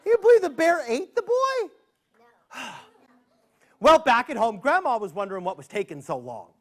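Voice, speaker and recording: Lively male children's storyteller, pitch leaping, playful asides. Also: normal speed, pauses often. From United States. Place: public library event.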